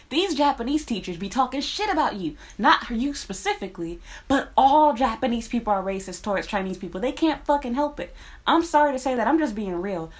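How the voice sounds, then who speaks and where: A woman talking casually to her viewers, blunt and profane, speaking as a teacher. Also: mid-range voice. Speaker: teacher in Japan. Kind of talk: casual vlog rant.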